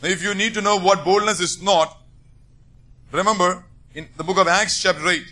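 Male preacher, high bright voice, emphatic sermon delivery. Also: fairly even intonation, moderate pace. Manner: emphatic, rising to forceful bursts.

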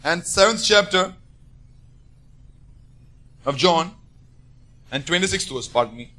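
Guy preaching, high voice, gets loud and forceful in bursts. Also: lively intonation, slow pace. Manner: emphatic, rising to forceful bursts. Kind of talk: sermon.

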